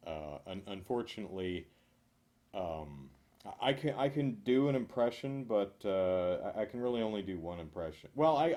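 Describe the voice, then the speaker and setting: A man reading a list of corny jokes aloud in a deadpan way, chuckling now and then and making dry asides. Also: lowish voice. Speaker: joke reader.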